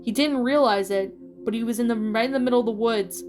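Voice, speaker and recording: A woman reading a fan fiction story aloud in a steady storytelling voice with small slips. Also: a little high, fast. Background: faint music.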